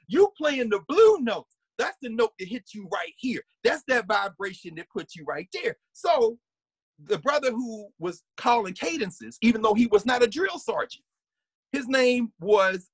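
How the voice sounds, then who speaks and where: A man giving an animated, conversational lecture as a guest. He often restarts his sentences and hums or sings short snippets to make his points. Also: high voice, no room sound.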